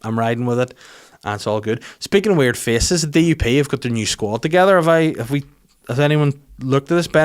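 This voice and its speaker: Rambling Northern Irish comedian. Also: male voice, mid-range voice, lively intonation, fairly quick, smooth. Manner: rambling, self-deprecating, sweary. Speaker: podcast host. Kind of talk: casual comedic monologue.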